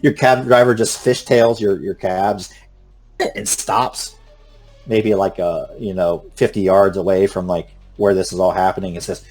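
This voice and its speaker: Low-voiced man narrating a tabletop game. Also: fairly even intonation, a little slow, a little mellow, soft background music. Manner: loose and rambling, many fillers. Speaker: game master.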